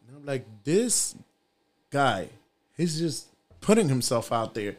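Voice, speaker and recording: A man, a guest on a podcast, telling a story in relaxed casual chat and repeating his phrases. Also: mid-range voice, slow.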